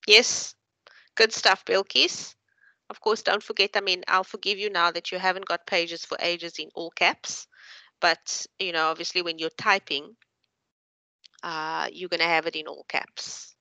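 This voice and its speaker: Slow, gravelly-voiced woman tutor. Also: lowish voice, fairly even intonation, sharp tone, no echo, rough recording. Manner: encouraging, patient, explains slowly. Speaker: university tutor. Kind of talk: online tutorial feedback.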